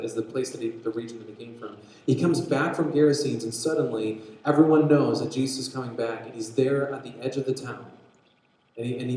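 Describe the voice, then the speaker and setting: A young man teaching a Bible story to young people, telling it with animated energy and acting out voices. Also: mid-range voice. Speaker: youth pastor. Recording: very echoey room.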